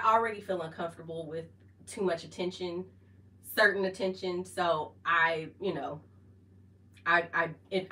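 A woman's voice: mid-range voice, sharp tone, far from the mic, low-quality recording. A woman chatting casually to her phone camera as a vlogger, laughing often and losing her thread.

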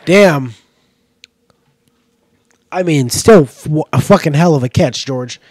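A man's voice: a little high, slow. A man reacting live to a football game, cheering his players by name and swearing freely into a desk mic. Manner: profane, excitable cheering, talks to players.

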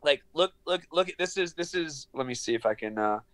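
A man in his thirties speaking over a video call from his studio apartment. His voice sits a little high, and he tells the tale in an animated, profane way, playing out each line of dialogue himself. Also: brisk. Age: 30s. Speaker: guest, professional fighter. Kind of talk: casual storytelling interview.

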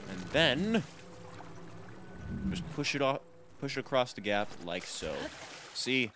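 This let's play host has a mid-range, sing-song voice and takes things slowly. He chats with viewers in a rambling, self-deprecating way while game music and other noise fill the background.

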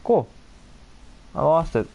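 A man's voice: a little high, big pitch swings, slow, creaky, darkish tone, dull audio, soft background music. A young man from Pennsylvania talking casually and profanely over a video game he is playing, often exasperated and rambling. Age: young adult. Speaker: streamer. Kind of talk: casual gameplay commentary.

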